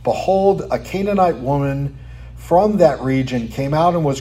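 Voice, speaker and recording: A man delivering a sermon in a fairly high voice, lively and conversational. He keeps asking the listeners questions and tags his points with "right?". For emphasis he sometimes drops to a near whisper. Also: measured pace. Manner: animated, rhetorical questions, many "right?" asides, drops to quiet for emphasis. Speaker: pastor.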